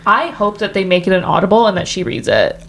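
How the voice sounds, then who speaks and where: A woman's voice: mid-range voice, very animated, fast, a bit bright. A young woman co-hosting a podcast in casual chat, blunt and swearing casually. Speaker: podcast co-host.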